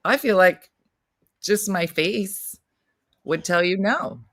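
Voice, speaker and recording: A middle-aged woman co-hosting a casual chat, telling stories in an animated way and slipping into playful voices. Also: medium pitch, slow, no echo. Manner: animated storyteller, playful voice shifts. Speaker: podcast co-host.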